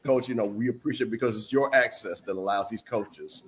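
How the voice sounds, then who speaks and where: A man hosting a casual sports talk show, teasing his co-hosts with laughter and lively storytelling. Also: on the low side, fairly quick, slight background noise. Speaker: show host. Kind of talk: casual chat.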